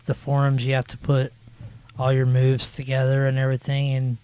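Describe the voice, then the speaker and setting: A man's voice: medium pitch, completely flat delivery, normal speed, warm tone, clear, resonant tone, no room sound. A man in his forties hosting a podcast, telling rambling stories in casual chat with lots of fillers. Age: 40s. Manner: rambling, filler-heavy storytelling. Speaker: podcast host.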